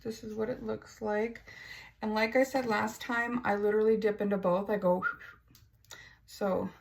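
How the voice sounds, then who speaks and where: A woman's voice: mid-range voice, little pitch movement, moderate pace, vocal fry, background noise. A woman beauty vlogger chatting casually through a makeup tutorial, self-mocking and stumbling over words now and then.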